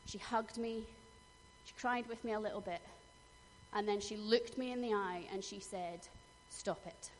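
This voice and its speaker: A woman's voice: mid-range voice, steady tone, normal speed. Middle-aged female preacher, earnest storyteller with emphatic moments; reverberant hall. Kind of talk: sermon. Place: church hall. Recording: long hall reverb, faint noise.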